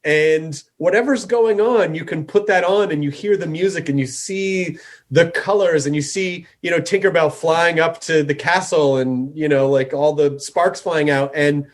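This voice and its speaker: A man's voice: on the high side, moderate pace. A man hosting a podcast in casual chat, rambling with lots of "you know" and "like". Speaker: podcast host.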